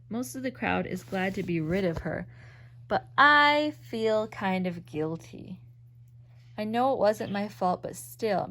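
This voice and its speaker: A woman reading an old magazine story aloud, in a steady, even storytelling manner. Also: medium pitch. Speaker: reader.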